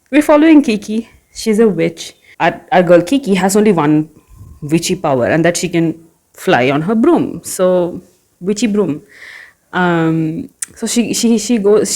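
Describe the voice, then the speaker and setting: A woman's voice: lowish voice, a little mellow. A woman book vlogger chatting casually about what she read, rambling and going off on tangents with lots of filler words. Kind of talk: casual vlog chat.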